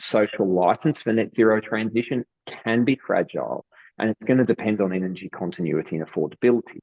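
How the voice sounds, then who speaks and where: A deep, husky Australian man delivers prepared remarks as a webinar panelist in a measured, steady way. His voice comes through dull, lo-fi online call audio. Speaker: panelist, industry economist.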